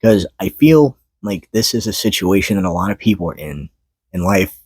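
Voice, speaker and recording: Man, personal vlog monologue: low, husky, close and dry; weary, halting, flares up in frustration. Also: animated, darkish tone, dry recording. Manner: weary, halting, pauses to collect thoughts; swears and rises in pitch when frustrated. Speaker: vlogger. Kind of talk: unscripted personal monologue to camera. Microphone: camera mic.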